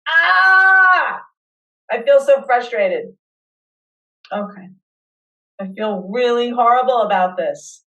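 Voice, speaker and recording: Woman, guided tapping session, unhurried affirmations, a little distant from the mic. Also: a little high, darkish tone. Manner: slow, soothing guidance with spoken affirmations. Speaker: webinar host leading tapping practice.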